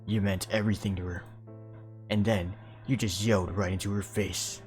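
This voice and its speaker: A man voicing a cruel reflection of a young man, taunting in a calm, matter-of-fact way. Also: low voice, moderate pace, faint music behind, close to an everyday voice.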